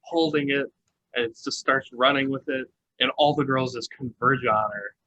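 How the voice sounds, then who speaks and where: A man's voice: mid-range voice, moderate pace, sharp tone, dull audio. A man co-hosting a podcast, recapping a reality show in a chatty, casual way with lots of fillers and laughter. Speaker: podcast co-host.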